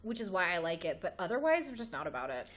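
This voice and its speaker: A woman's voice: lowish voice, big pitch swings, fast talker, fairly bright tone. A woman from Los Angeles co-hosting a podcast, gushing in casual pop-culture chat and swearing freely. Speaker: podcast co-host.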